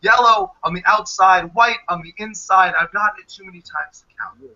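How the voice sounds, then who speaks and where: A man's voice: sits high, normal speed, sharp tone. A man with a New Jersey accent performing spoken word poetry in a punchy, sardonic way, on a dull lo-fi livestream recording. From United States. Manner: punchy, sardonic delivery with profanity. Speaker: poet.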